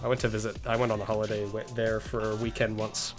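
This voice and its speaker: A man's voice: on the low side, flat delivery, fast, faint music behind. A man with an Australian accent chatting casually with viewers on an indie game dev livestream, rambling and hedging, chuckling now and then. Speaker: indie game developer streaming.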